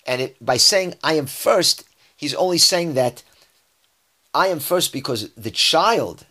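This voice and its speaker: A man's voice: on the high side, lively intonation, slow, pushed and bright. Man teaching scripture verse by verse. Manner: reads Hebrew verses aloud, then explains them in English with frequent restarts. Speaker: Bible teacher.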